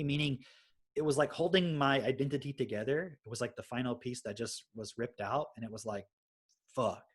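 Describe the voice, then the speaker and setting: A man, a podcast host telling his story in casual chat and swearing freely. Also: medium pitch. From Texas. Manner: swears freely, animated retelling.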